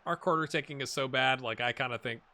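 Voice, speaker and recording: A man casually commentating his own football management game, chatty and rambling, with excited bursts at goals. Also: mid-range voice, fast talker. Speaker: gaming YouTuber. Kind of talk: casual let's-play commentary.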